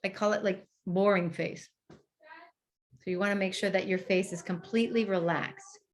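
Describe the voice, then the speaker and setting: A woman clinician giving an instructional demonstration to therapists, explaining step by step and modeling the exercise aloud with pauses. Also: medium pitch, steady tone.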